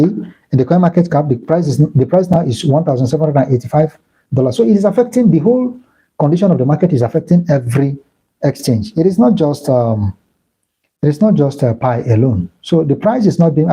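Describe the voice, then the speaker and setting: A man's voice: on the high side, expressive, a little fast, mellow, slightly rough, poor audio. A man with a Nigerian Igbo accent hosting a casual live stream, repeating himself and thanking and blessing viewers as he reads their comments. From southeastern Nigeria. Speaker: crypto live-stream host.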